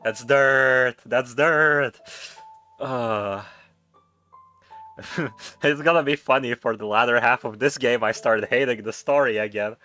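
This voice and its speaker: A man playing a visual novel and commenting casually, loud, joking and swearing. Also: mid-range voice, slow pace, faint music behind. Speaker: let's play gamer.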